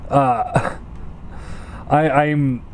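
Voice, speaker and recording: A man's voice: mid-range voice, steady tone, extremely slow, a little hiss or hum. A man giving a casual hands-on toy review, frustrated and swearing, often stammering and repeating himself.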